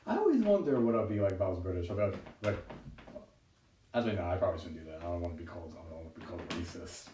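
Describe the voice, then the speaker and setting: A man with a low, mellow voice rambles through a self-deprecating stand-up set streamed from his home, chuckling at his own jokes. He sits back from the mic, and the room rings around him. A faint noise hums underneath. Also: very animated, very fast, hardly any pauses. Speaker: stand-up comedian. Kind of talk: live-streamed stand-up monologue. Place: at home during quarantine. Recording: roomy, distant home recording with faint noise.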